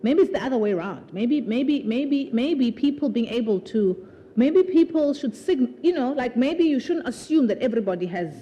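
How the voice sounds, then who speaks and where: Animated woman author with a mellow voice. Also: on the high side, moderate pace, lo-fi sound. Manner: animated, laughs often, restarts sentences with repeated words. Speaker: author speaking at her book launch. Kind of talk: conversational talk at a live event. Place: live festival event with an audience.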